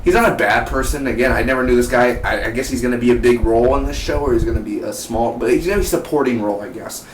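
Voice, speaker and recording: A man's voice: medium pitch, fast talker, hardly any pauses. A young man talks through an episode review in a loose, rambling way, restarting his sentences often. He sits well back from the microphone in an echoey room, with a faint hiss underneath. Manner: rambling, chatty, many restarts. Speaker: TV show reviewer. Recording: roomy, distant mic, faint hiss.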